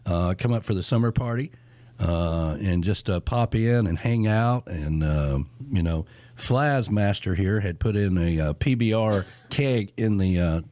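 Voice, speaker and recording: A man's voice: fairly low pitch, a little slow, dark tone, no room sound. A man hosting a radio show in a casual, laid-back chat, peppered with "you know". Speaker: radio host.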